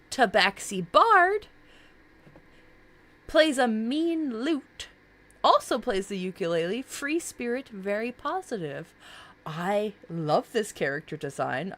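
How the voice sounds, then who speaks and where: A woman's voice: medium pitch, sing-song, takes it slowly, bright, forceful tone. A woman streamer in casual live-stream chat, reacting to viewers' characters in a bubbly, gushing way with many fillers.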